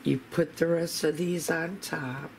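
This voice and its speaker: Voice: mid-range voice, fairly even intonation, measured pace, darkish tone, a little hiss or hum, low-quality recording. A home cooking vlogger demonstrating a recipe in a casual, chatty way in a kitchen, talking straight to the viewers.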